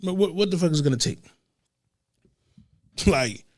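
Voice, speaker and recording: A man's voice: on the high side, expressive, normal speed, no room sound. Fired-up, cursing man with a dry sound. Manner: profane, fired up, swings loud and soft. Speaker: podcast co-host. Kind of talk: heated casual talk.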